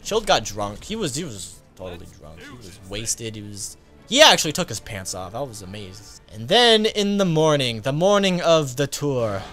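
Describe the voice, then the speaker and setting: A man's voice: mid-range voice, sing-song, normal speed, a bit bright, faint music behind. Rambling man telling a casual story. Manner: rambling, filler-heavy, frequent laughs. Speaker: gaming YouTuber. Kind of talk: casual story-time vlog.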